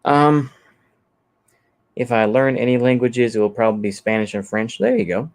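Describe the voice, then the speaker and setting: Reacting to comments on his livestream, a Texan host talks at a normal pace in a medium-pitched voice. His chat is easygoing and rambling, full of fillers as he thinks out loud.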